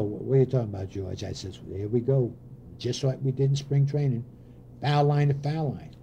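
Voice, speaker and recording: Older man, dark warm voice, storytelling ex-coach, light noise behind. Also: medium pitch, lo-fi sound. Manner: animated anecdotes with voiced quotes and laughs. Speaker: former pitching coach. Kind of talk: storytelling interview.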